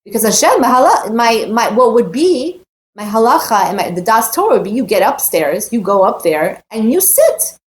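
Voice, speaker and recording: A woman's voice: on the high side, big pitch swings, moderate pace. A woman giving a heartfelt, emphatic personal Torah talk, repeating phrases and mixing in Hebrew terms. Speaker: Torah teacher.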